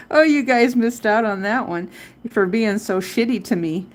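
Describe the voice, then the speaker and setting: A middle-aged woman hosting a live crochet tutorial, chatting casually and counting her stitches aloud. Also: medium pitch. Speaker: crochet livestream host.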